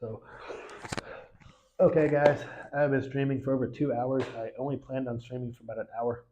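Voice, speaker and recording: A man's voice: medium pitch, level tone, moderate pace, lo-fi sound, noisy background. A man from the United States hosting a casual livestream, chatting with viewers in a rambling way, full of fillers and restarts. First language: English. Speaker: livestream host.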